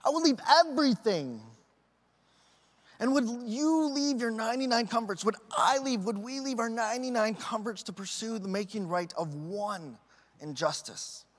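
A man preaching a sermon as a pastor, telling stories with animated acted-out voices. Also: high voice, normal speed, big-room sound. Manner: animated storytelling with acted quotes.

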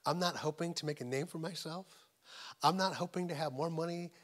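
Speaking briskly in a slightly high register, a middle-aged man preaches as a visiting pastor during a church service. Repeated phrases carry his emphasis, and he moves from urgent, elevated points down to soft near-whispers.

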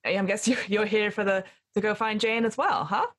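A woman's voice: mid-range voice, a little fast, natural voice. A woman voicing a tall, slight young woman in a search party, chirpy and friendly, with an American accent.

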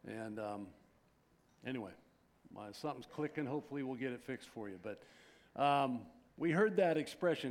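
A man's voice: medium pitch, animated, moderate pace. A man in his sixties, a pastor who prays and then greets his church in a chatty, rambling way full of fillers and restarts. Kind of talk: sermon with prayer and casual church greeting. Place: church sanctuary.

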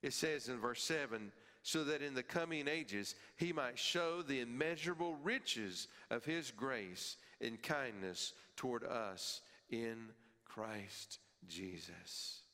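A man preaching a sermon as pastor, emphatic, repeating key phrases and rising in pitch and force as he drives a point home. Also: slow pace, hardly any pauses, sharp tone, in a large hall.

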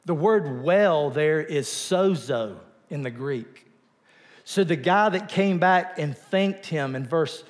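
Speaking with a slightly high voice over a long reverb tail, the pastor keeps his church sermon conversational. He asks the congregation questions and sinks to a soft voice to drive points home.

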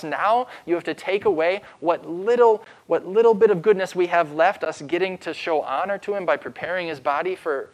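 A man's voice: high voice, pitched above the performer's own voice, close to an everyday voice, low-quality recording. A man voicing a grieving, angry woman at an empty tomb, firing off exasperated, pleading questions.

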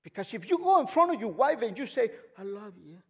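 A man's voice: extremely high pitch, very animated, fast talker, slightly rough. A man preaching a sermon as a lay missionary, speaking emphatically, repeating words as he builds up and asking the congregation frequent questions.

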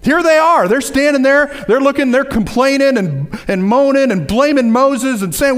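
High-pitched man preaching a lively sermon. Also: normal speed, few pauses. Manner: lively preaching with asides and repeated phrases. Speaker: pastor.

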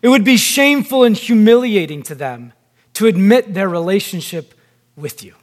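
A man preaching a sermon in a deliberate, emphatic way, with long pauses between phrases. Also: sits high, lively intonation. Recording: long hall reverb.

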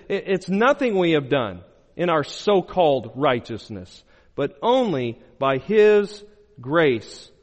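A man preaching a sermon as pastor, moving between loud emphatic bursts and low, quiet phrases. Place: church sanctuary. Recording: long hall reverb.

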